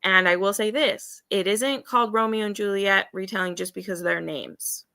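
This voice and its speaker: Woman, readathon host, bright gravelly voice, emphatic, dry close sound. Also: medium pitch, normal speed, no room sound. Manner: chatty, emphatic, ranting asides. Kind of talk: casual livestream chat.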